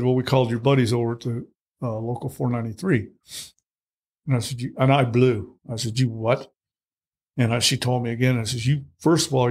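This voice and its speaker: Blunt, salty older man telling his story. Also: mid-range voice. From United States. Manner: blunt, salty, animated retelling with acted quotes. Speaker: interview guest. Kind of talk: candid storytelling.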